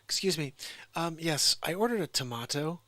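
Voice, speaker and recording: A man's voice: fairly high pitch, animated, moderate pace, sharp tone, no room sound, voice pushed up. A man doing a fussy diner voice. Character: fussy male diner ordering tomatoes.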